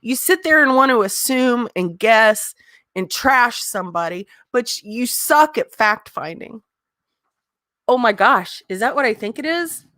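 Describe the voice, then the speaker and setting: A woman's voice: on the high side, animated, unhurried, fairly bright tone, no echo, clean studio sound. A woman hosting a casual live-stream chat, blunt and ranting. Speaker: host.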